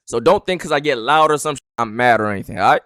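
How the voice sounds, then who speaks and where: Young guy streamer ranting fast, animated and loud, swears constantly. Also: medium pitch. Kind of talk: heated casual chat on a live stream.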